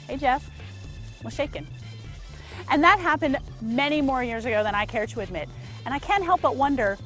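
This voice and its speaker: A woman hosting a scripted car review, delivering specs with playful, jokey asides. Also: on the high side.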